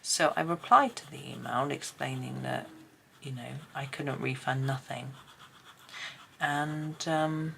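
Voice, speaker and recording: Hoarse woman, low gravelly voice, rambling chat while colouring, slips into half-whispers; faint hiss behind. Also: fairly even intonation, slow pace, fairly bright tone. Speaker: colouring channel host.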